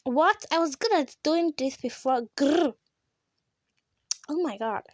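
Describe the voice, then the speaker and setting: A woman with giving casual, excitable commentary while playing a mobile game, gasping and shrieking at close calls. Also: sits high, moderate pace, no echo. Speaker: gamer.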